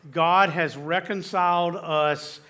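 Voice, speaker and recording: A man's voice: fairly high pitch, steady tone, takes it slowly, sharp tone. A man preaching a sermon on relationships, reading verses and asking his listeners questions. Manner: teaching with scripture, asks the audience questions. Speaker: pastor.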